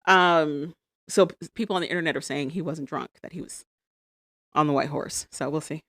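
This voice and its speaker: A woman's voice: low-pitched, normal speed, no echo. A woman co-hosting a podcast, casually recapping a reality show and acting out the lines people said. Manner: animated storytelling, acts out quotes. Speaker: podcast co-host.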